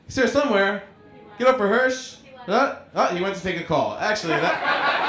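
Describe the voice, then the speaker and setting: A man's voice: high-pitched, expressive, moderate pace, pushed and bright, soft background music. A man in his forties with a New York accent doing a self-deprecating live stand-up set, chatting with the crowd in a small club. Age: 40s. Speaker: stand-up comedian. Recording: roomy club sound with crowd laughter.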